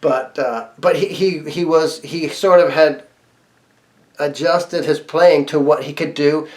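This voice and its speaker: Male storyteller, slightly higher voice, laughs through a casual anecdote. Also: slow. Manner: chatty, laughs often, frequent restarts and fillers.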